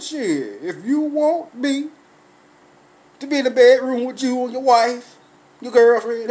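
A man's voice: very high voice, measured pace, pauses often. A middle-aged man hosting his own podcast, telling profane stories in a raw, casual monologue while drinking. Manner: profane storytelling, loud cackling laughs. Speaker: podcast host.

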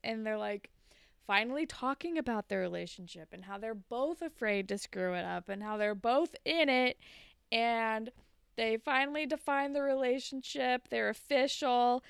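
Woman, co-host, casual recap chat, animated, acts out quotes, dry close sound. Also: on the high side, unhurried, gravelly, smooth, no room sound. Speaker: podcast co-host.

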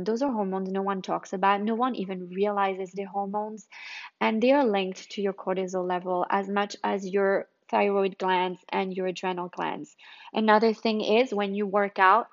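A woman's voice: medium pitch, gravelly, muffled recording. A woman hosting a podcast, talking casually and wandering off on tangents before restating her point. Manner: chatty, digressive, restates points. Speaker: podcast host. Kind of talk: casual health talk monologue.

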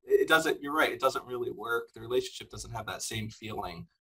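Husky-voiced man in casual podcast chat. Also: medium pitch, a little fast. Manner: animated, laughs often, many fillers. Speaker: podcast co-host. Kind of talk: casual chat reviewing a film.

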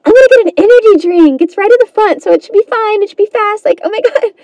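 A woman's voice: very high-pitched, quick pace, dark tone, dry recording, pitched above the performer's own voice. A woman putting on the voice of a bubbly, naive young woman who gushes and squeals with relentless cheer. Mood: gushing. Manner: squealing, gushing, breathless.

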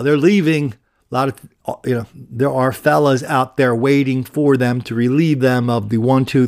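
Podcast host, male, mid-range, sardonic storyteller. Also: medium pitch. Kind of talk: casual commentary.

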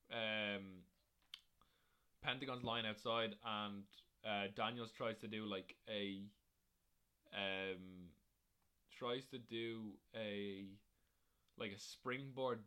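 A man's voice: lowish voice, sharp tone, smooth. A man hosting a podcast on his own, recapping wrestling shows in a rambling, casual way with plenty of fillers and swearing. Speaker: podcast host.

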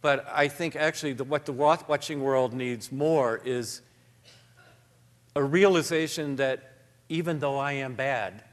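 A man's voice: mid-range voice, measured pace. A man in a reverberant hall, reflective. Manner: thoughtful, self-deprecating, reads passages aloud. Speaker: author and guest speaker. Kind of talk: live onstage conversation.

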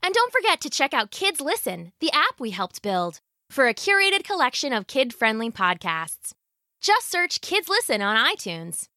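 A woman host reading a scripted podcast outro in a cheerful, lively way. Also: sits high, normal speed, no room sound, clean studio sound.

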